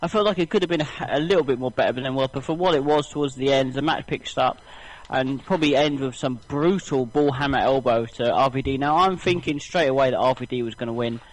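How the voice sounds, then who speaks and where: A man's voice: medium pitch, fast talker, few pauses, low-quality recording. A tired, slightly ill man recapping wrestling on a casual podcast, rambling with many fillers and restarts. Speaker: podcast co-host.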